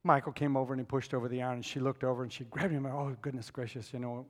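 A man's voice: medium pitch, flat delivery, very fast. Fervent preacher man, echoing hall. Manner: storytelling, rising to loud fervent emphasis. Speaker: pastor. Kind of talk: sermon with personal story. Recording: long reverb of a large hall.

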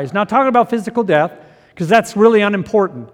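A man preaching a sermon as pastor, swinging between loud urgent peaks and quiet intense asides. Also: high voice, quick pace. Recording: long reverb of a large hall.

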